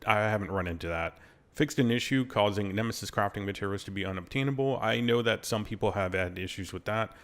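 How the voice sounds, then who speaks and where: Lowish-voiced guy going through patch notes, blunt and sarcastic, bit slurry on long words. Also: a little fast, fairly bright tone. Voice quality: slightly slurred diction. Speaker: gaming channel host. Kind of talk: casual commentary reading patch notes.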